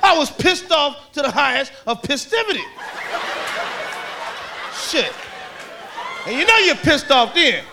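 A male stand-up comedian telling a crude, brash story in a profane, animated style. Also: extremely high pitch, a little slow, creaky, pauses often, crowd noise. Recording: live club with audience laughter and noise.

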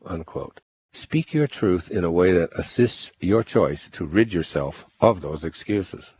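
A man reading a self-help text aloud in slow, deliberate, calm scripted narration. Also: low-pitched, breathy edge. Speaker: audiobook narrator. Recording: dull lo-fi recording.

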